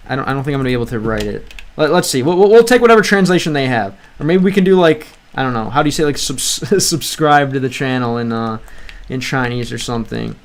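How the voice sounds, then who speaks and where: Studying a language on a livestream, this man talks in a mid-range voice. He keeps things casual, thinks out loud, reads messages from chat, and frequently starts his sentences over.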